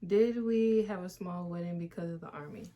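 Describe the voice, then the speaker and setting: A woman's voice: lowish voice, moderate pace, highs cut off, background noise. A young woman in her twenties casually reading out questions to her husband in a Q&A, laughing often. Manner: giggly, reads out questions. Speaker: wife, Q&A host. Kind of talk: casual couple Q&A chat.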